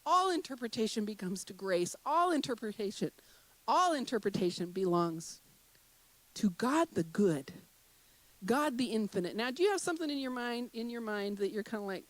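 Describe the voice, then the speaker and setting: Woman minister with a high voice preaching to a congregation; repeats key phrases for emphasis and eases into gentle guided breathing. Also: animated, rough recording. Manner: emphatic and repetitive, with rhetorical questions to the congregation; slows into a soft, guided breathing meditation. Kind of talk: sermon.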